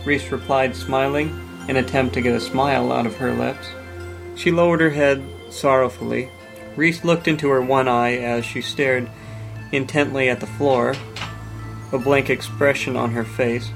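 A man reading fan fiction aloud in a plain, even narration. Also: medium pitch, normal speed, creaky, over music, poor audio. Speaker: reader.

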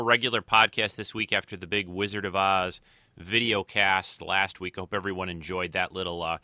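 A man hosting his own podcast in casual, rambling talk full of filler pauses, his voice a little nasal. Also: fairly low pitch, pushed and bright, dry recording, studio quality. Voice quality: slightly nasal today. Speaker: podcast host.

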